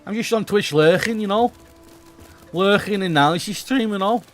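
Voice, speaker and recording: A man's voice: sits high, moderate pace, faint music behind, pitched above the performer's own voice, lightly acted. A man putting on a cheeky Scouse accent as a Liverpool lad. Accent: put-on Scouse.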